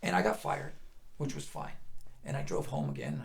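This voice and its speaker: Gravelly-voiced man telling his testimony. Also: on the high side, very animated, fairly quick. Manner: earnest, drops to hushed near-whispers when emotional. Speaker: guest sharing testimony. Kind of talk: emotional personal testimony.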